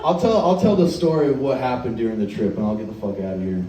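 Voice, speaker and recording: A man's voice: mid-range voice, very animated, fast, crowd noise. Young male comic, rambling and profane, laughs through the bit, mic far off in an echoey room. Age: 20s. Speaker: stand-up comedian. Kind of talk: stand-up storytelling.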